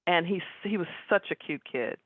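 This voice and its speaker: A middle-aged woman giving a webinar talk as guest speaker, telling personal stories in a conversational, animated way. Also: on the low side, moderate pace, no room sound. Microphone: video call. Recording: tinny phone-like webinar audio.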